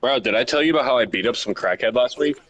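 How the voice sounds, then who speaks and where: A man's voice: medium pitch, fast talker, a bit bright, a little hiss or hum. A young man telling a crude, rambling story during a casual chat while gaming. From Ohio.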